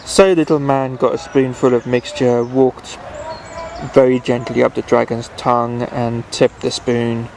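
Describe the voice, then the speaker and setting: Gravelly man reading a bedtime story. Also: medium pitch, little pitch movement, a little slow, a little mellow, a little hiss or hum, low-quality recording. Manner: unpolished reading with restarts and fillers. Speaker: reader.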